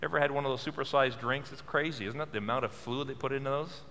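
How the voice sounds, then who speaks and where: A man's voice: mid-range voice, fast, pushed and bright. Earnest male preacher in an echoing hall. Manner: earnest, asks many questions; repeats words when stressing. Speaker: pastor. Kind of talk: sermon.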